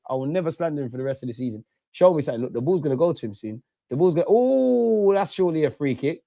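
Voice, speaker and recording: A man's voice: on the high side, no echo, clean studio sound. Banter-heavy young man streaming. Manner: excitable, banter-heavy, trash-talking. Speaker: streamer hosting a football watch-along. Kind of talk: casual live commentary, chatting with viewers.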